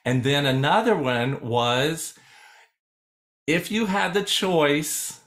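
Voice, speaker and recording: A man's voice: on the high side, takes it slowly. A man who teaches choir, talking casually on a video call and acting out his students' voices as he tells stories. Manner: animated storyteller, acts out quoted students. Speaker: choral music educator.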